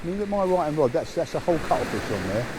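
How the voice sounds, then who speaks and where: A man's voice: on the high side, sing-song, rapid-fire, noisy background. A man fishing from a beach at night, chatting and telling fishing stories. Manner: chatty storyteller, acts out quotes. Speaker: fishing vlogger. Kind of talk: casual chat and anecdotes. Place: seafront beach at night, outdoors. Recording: outdoor mic with crashing surf.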